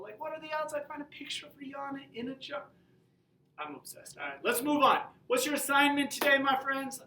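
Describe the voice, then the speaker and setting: Chatty teacher talking off-mic in a roomy space, bright voice, a bit of background hum. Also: medium pitch, recorded from a distance. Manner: chatty, joking, informal. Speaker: high school teacher. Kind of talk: casual class video. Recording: roomy audio from away from the mic.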